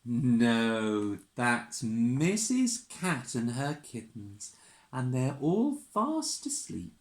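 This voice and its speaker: A woman reads a children's storybook aloud in a church, leisurely and unhurried. Her voice is lively and sing-song, it swoops up and down as she quizzes little listeners, and it carries a roomy echo from the church. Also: very deep voice. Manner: animated, sing-song, asks the listeners questions; makes animal noises and gasps. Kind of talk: reading a picture book to young children.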